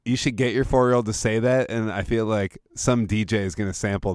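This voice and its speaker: A man's voice: on the low side, steady tone, brisk, no room sound, studio quality. A man co-hosting a podcast in casual chat, playful and joking. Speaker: podcast co-host.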